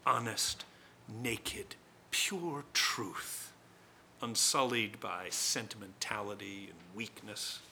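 A man voicing a gravelly, scornful accusing spirit. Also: lowish voice, slow pace, pushed and bright, a little hiss or hum, exaggerated voice. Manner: scornful, declamatory monologue. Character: proud, bitter male spirit of accusation. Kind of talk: dramatic first-person monologue.

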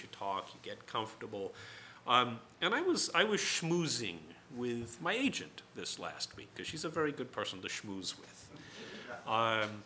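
A man's voice: mid-range voice, pushed and bright, slight background noise. A man, a writer, telling a personal story in a conversational, digressive way with many fillers.

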